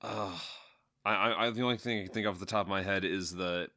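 A man's voice: sits low, steady tone, fast talker, pushed and bright. A young man co-hosting a podcast, casual chat with a dry, wry, opinionated manner. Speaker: podcast co-host.

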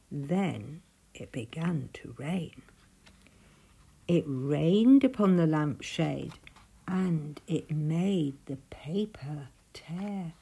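A woman reading a rhyming picture book aloud, gentle, often dropping to a hushed near-whisper. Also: low-pitched, animated, drawn-out words, creaky, husky. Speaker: storyteller.

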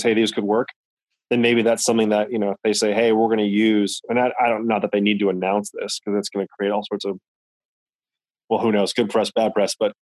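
A man with a lowish voice talks casually, rambling and circling back over his words. The sound is dry and close. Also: no room sound, rough recording. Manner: rambling, repeats words while thinking. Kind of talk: casual chat.

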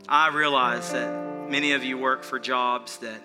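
A pastor preaching an earnest, animated sermon in a church, repeating phrases for emphasis and chuckling between points. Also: male voice, medium pitch, a little slow, hardly any pauses, over music.

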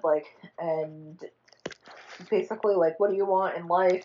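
Lower-pitched woman rambling through a plot. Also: muffled recording. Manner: rambling, animated retelling with quick put-on character voices and swearing. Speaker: podcast co-host retelling a film. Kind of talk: casual chat.

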